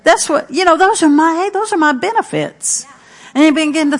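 A woman's voice: very high voice, animated, fairly quick. A middle-aged woman preaching a sermon, earnest and emphatic, repeating her key phrases.

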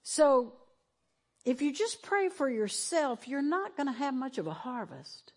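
A woman's voice: high-pitched, sing-song, a little slow, a little mellow. A woman preaching a sermon in a church, moving between fervent exhortation and tearful emotion. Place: church sanctuary, televised.

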